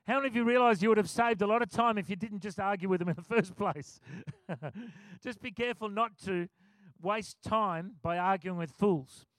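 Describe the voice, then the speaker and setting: A middle-aged man preaching a sermon, telling stories in a relaxed conversational way and laughing often. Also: sits high, moderate pace, no echo. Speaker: pastor.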